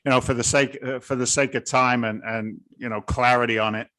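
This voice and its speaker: A man's voice: medium pitch, fairly even intonation, brisk, sharp tone. A man in his fifties from England, with a blended London and Boston accent, chatting as an interview guest in a rambling, blue-collar way. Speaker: guest, real estate investor. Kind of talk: casual conversation.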